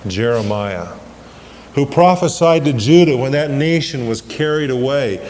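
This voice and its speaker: A man's voice: mid-range voice, animated, darkish tone. A man preaching a sermon, stressing scripture quotes and putting questions to his congregation. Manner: emphatic, slows down and swells on scripture quotes, asks the congregation questions. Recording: long hall reverb with faint ambient noise, 1980s church recording.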